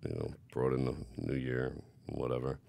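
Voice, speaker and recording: A man with an extremely deep, gravelly voice, swearing freely as he tells a story in casual podcast chat. The sound is dry and close. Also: moderate pace, no room sound. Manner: profane, animated storytelling. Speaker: podcast co-host.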